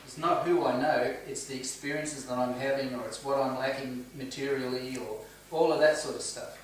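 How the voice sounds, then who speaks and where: A man's voice: mid-range voice, fairly even intonation, normal speed, a little hiss or hum. A man leading a home church Bible study, earnest and questioning the group as he teaches. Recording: echoey room, distant mic, faint ambience.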